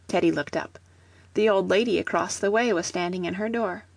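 A woman reads a children's storybook with gentle, even storytelling. Her voice is soft and breathy, and the close recording is completely dry, with no room sound at all. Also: mid-range voice, fairly quick, no echo. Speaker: audiobook reader.

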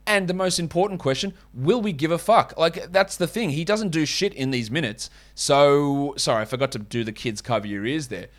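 A man's voice: a little high, normal speed, few pauses. A man with an Australian accent hosting a podcast, giving casual, blunt and opinionated sports analysis and swearing now and then. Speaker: podcast host.

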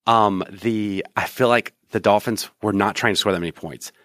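Low-voiced man in casual sports banter. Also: normal speed, a bit bright, dry recording, studio quality. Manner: joking, rambling, teasing. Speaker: podcast co-host.

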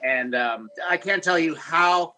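A man's voice: a little high, takes it slowly, very noisy. A middle-aged man who is a listener guest, chatting casually and hesitating with fillers. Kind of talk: casual chat.

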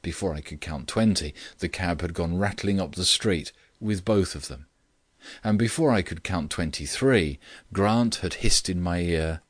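A man reading a classic story aloud in measured, scripted narration. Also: low-pitched, no room sound, clean studio sound. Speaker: audiobook reader.

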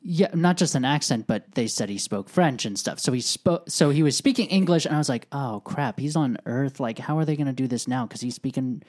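A co-host chatting casually about a TV episode, agreeing often and talking in a relaxed, easygoing way. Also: mid-range voice, fairly quick, few pauses. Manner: agreeable, many short yeahs, relaxed. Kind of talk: casual chat recapping a TV episode.

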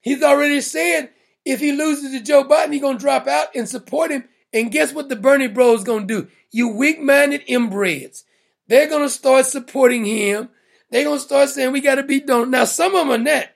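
A man's voice: very high-pitched, moderate pace, gravelly. A man hosting a political commentary show, mocking and blunt, laughing at his own jokes. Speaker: show host.

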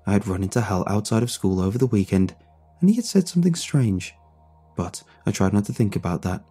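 A man narrating a first-person story in a measured, somber way. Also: fairly low pitch, expressive, dark tone, husky, soft background music.

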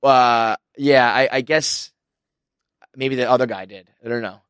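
A man's voice: medium pitch, a little slow, fairly bright tone, smooth, no room sound. Rambling young man, dry sound. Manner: rambling storyteller, swears, laughs often. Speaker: podcast co-host. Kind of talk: casual chat.

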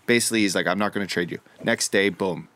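A man co-hosting a podcast, a former hockey player telling stories in a rambling, profane, animated way. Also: low-pitched, quick pace. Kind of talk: casual storytelling chat.

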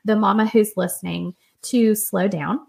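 A woman's voice: medium pitch, fairly even intonation, normal speed, gravelly, darkish tone, husky. Woman host asking encouraging questions. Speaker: podcast host. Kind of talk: conversational podcast interview.

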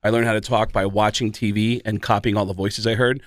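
A man, a guest comedian, telling animated stories in a casual chat, slipping into impressions. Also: lowish voice, a little fast, no echo, clean studio sound. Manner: animated storyteller who slips into impressions.

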